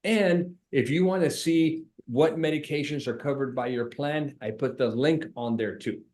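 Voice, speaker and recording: A middle-aged man who owns an insurance agency, giving a casual sales training talk in an emphatic, animated way and repeating points for stress. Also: on the high side, moderate pace.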